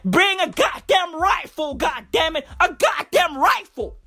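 A woman voicing a panicked tourist man with an American accent, shouting frantically for a rifle. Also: very high-pitched, animated, a little slow, faint music behind, voice pushed up, heavily acted. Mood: frantic shouting.

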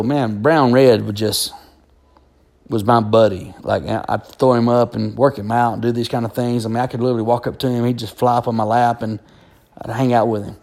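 A man's voice: mid-range voice, a little mellow. A man telling a long personal story in a rambling, casual way, full of fillers and restarts. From Alabama.

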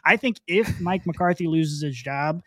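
A man's voice: a little high, measured pace, fairly bright tone, no echo, studio quality. A man co-hosting a sports podcast, talking animatedly in casual chat and acting out quotes, swearing freely. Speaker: podcast co-host.

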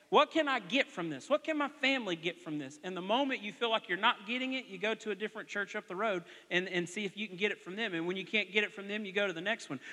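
A male pastor preaching a sermon. He moves from conversational asides to loud, animated exhortation. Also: sits high, in a large hall. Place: church sanctuary.

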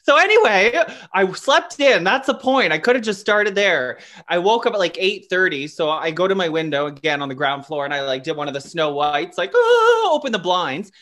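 A man's voice: high-pitched, normal speed, hardly any pauses, bright, forceful tone. A man co-hosting a podcast, telling rambling personal stories in a playful, self-deprecating way. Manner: rambling, laughing storyteller. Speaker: podcast co-host. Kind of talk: casual chat.

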